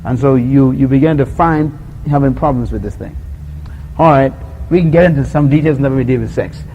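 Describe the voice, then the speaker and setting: A mid-range male voice moves at a fairly quick clip through a conversational sermon on love. Animated and story-driven, he acts out scenes and quotes, chuckles often as he makes his points, and asks his listeners questions. The rough recording has a bit of hiss or hum.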